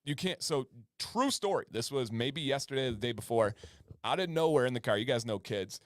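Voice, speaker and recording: Lively laughing male livestream host. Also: mid-range voice, a little fast, no echo, clean studio sound. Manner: enthusiastic, laughs often. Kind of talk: casual chat.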